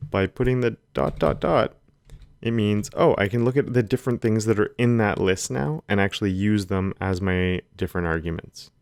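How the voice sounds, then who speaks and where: Low-voiced man teaching code. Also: no echo, studio quality. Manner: relaxed, talks while typing code. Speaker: coding instructor. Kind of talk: screen-recorded coding tutorial. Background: keyboard typing.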